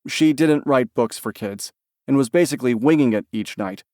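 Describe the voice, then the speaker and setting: This is scripted narration from a calm male audiobook narrator. He speaks at medium pitch and moderate pace, and the sound is dry and echo-free.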